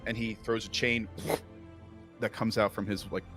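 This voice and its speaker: A man's voice: on the low side, little pitch movement, moderate pace, music in the background. A man narrating a tabletop game as game master, describing scenes in a casual, rambling way full of likes and uhs.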